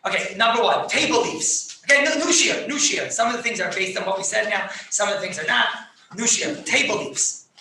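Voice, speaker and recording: High, bright-voiced rabbi on an echoey call. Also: male voice, brisk. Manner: excitable, repeats phrases, laughs while explaining; sprinkles Hebrew and Yiddish terms. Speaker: rabbi teaching a class. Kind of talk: halachic lecture over video call. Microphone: video call. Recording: echoey, distant, faintly noisy video call.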